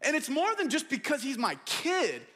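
A young male pastor preaching with a high, bright voice that rings out sharply. He drives his points home emphatically, rising to loud declarations and dropping to quiet asides. The delivery is direct and conversational, addressed to a congregation. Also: wildly swooping pitch, moderate pace. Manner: emphatic preaching, swings between loud and hushed. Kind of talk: sermon.

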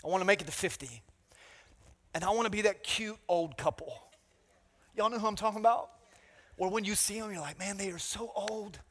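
A pastor delivering a lively sermon, teasing and calling for amens. His voice sits high for a man and rings out with long reverb in a large sanctuary. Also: fairly quick, pauses often. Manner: energetic, call-and-response, playful asides.

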